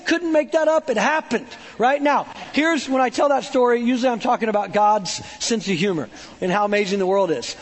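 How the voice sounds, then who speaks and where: A man preaching a casual, joking sermon, talking in a chatty way full of "like" and "right?". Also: extremely high pitch. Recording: long hall reverb.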